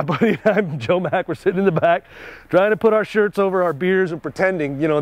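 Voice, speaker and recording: An American man telling a casual anecdote in an animated way, chuckling between lines. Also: a little high. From United States. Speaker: storyteller.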